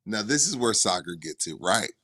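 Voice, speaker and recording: A man with a fairly low voice co-hosting a sports podcast. He argues hard and builds his case through stories, talking loosely and casually. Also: big pitch swings, moderate pace, bright, forceful tone, breathy edge. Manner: emphatic, argumentative storyteller. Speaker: podcast co-host. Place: sports bar podcast studio.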